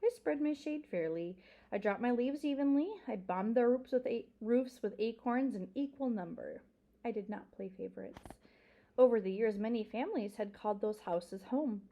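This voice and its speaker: Expressive woman teacher reading aloud. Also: on the high side, moderate pace. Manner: expressive, dropping to a whisper at times. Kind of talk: reading a children's novel aloud.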